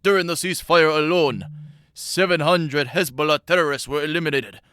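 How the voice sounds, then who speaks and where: A man's voice: on the high side, clean tone, voice pushed up. A man doing a stern politician with a mock accent. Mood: stern, declaiming. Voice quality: put-on foreign accent, loud and measured. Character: stern middle-aged male politician giving an address.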